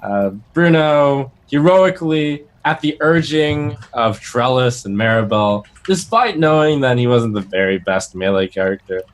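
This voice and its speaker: A man's voice: mid-range voice, lively intonation, unhurried, few pauses. A man at a tabletop game recaps events with dry jokes and mock outrage. His voice sits in a middle range for a man. He talks casually, with fillers. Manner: joking, mock-indignant. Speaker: player.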